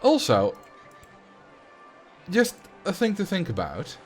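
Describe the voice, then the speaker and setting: Faint music plays behind a Dutch-accented streamer from the Netherlands as he thinks aloud in a relaxed, musing chat. He speaks slowly in a high, breathy voice whose pitch swoops wildly.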